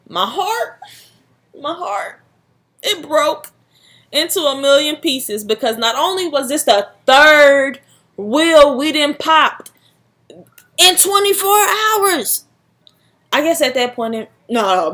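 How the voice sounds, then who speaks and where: Young woman vlogger, higher voice, dramatic and slangy storytime telling. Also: a bit bright. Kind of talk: casual storytime chat.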